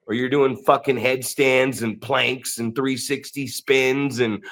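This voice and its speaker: Profane, ranting man co-hosting a podcast. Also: medium pitch. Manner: profane, animated, mocking impressions. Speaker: podcast co-host. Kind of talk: casual podcast rant.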